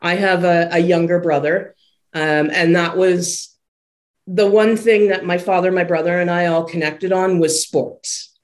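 50s, interview guest, relaxed, lots of ums, mid pitch. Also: unhurried. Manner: relaxed storytelling with many ums. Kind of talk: casual interview chat.

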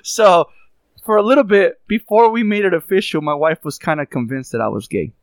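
Animated storytelling man, dry close sound. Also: high-pitched, brisk, dry recording. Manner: animated, laughing, mixes in Spanish words. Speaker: podcast host. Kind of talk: casual chat, storytelling.

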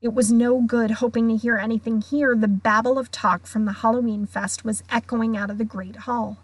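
A woman guest reader reading a children's novel aloud in an expressive way. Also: fairly high pitch, husky, no room sound. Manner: slow, expressive.

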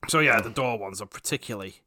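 A young man co-hosting a casual podcast chat, animated and sweary, often laughing and acting out voices. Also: mid-range voice, creaky. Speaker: podcast co-host.

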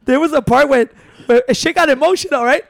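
Man, high-pitched, animated podcast host, dry close sound, casual swearing. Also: fairly quick, creaky, no room sound. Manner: animated, swearing, mixing Spanish words.

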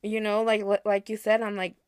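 A young woman co-hosting a podcast in casual chat, talking with lots of "like" and retelling stories in an animated way. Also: medium pitch, a little fast, clear, resonant tone, dry recording, clean studio sound. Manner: chatty, heavy use of "like", animated retelling. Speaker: podcast co-host.

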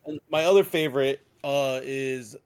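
A man's voice: mid-range voice, normal speed, darkish tone, clean tone. A man co-hosting a podcast in casual chat, laid-back with dry comebacks. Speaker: podcast co-host.

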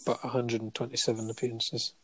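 A man's voice: medium pitch, level tone, fast talker, a bit bright, dry recording. A man in casual podcast chat, reading out a long list of honours with frequent ums and light chuckles. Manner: listing facts steadily with many ums and chuckles.

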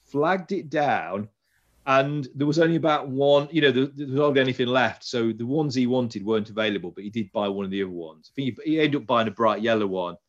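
A man's voice: mid-range voice, fairly quick, highs cut off. Rambling man chatting about watches. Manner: rambling, restarts often. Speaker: podcast host. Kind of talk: casual chat.

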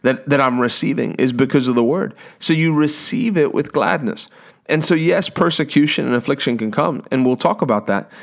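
A man delivers a sermon in a fervent, conversational manner, reading scripture aloud and drifting into quick spoken prayers. His voice sits at an ordinary middle pitch. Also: expressive, gravelly. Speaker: preacher.

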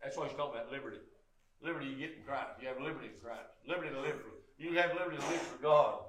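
Folksy older preacher, bright and echoey. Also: male voice, racing, recorded from a distance. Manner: folksy preaching, frequent "amen", surges from low talk to loud exhortation. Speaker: pastor. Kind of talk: sermon. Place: church sanctuary.

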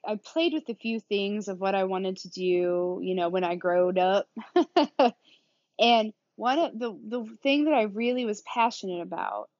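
A woman with a Southern accent hosts her own podcast in loose, rambling talk, laughing often and cursing now and then. Her voice sits in a middle pitch. The sound is dry and a little dull. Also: no room sound. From Kansas City area, USA. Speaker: podcast host. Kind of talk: casual solo podcast talk.

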